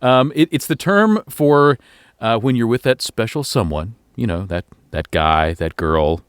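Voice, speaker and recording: A mid-pitched man tells an absurd bit on a comedy podcast in a deadpan, halting way. His sound is dry and close to the mic. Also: clean tone, no room sound. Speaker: comedy panelist. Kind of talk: casual comedic banter.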